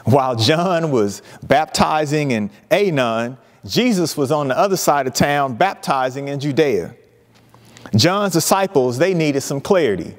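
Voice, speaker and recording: A man's voice: a little high, lively intonation. Preaching man in a reverberant church. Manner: emphatic preaching with dramatic pauses and vivid retellings. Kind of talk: sermon. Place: church sanctuary.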